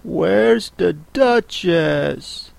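A man's voice: high-pitched, lively intonation, very slow, vocal fry, no room sound, voice pushed up, exaggerated voice. A man voicing a young girl who speaks in a decided, outspoken way. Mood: firm. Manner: loud and decided.

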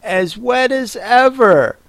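A man's voice: sits high, expressive, takes it slowly, creaky, no room sound, pitched above the performer's own voice, heavily acted. A man doing a gloomy young girl. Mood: melancholy. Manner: melancholy.

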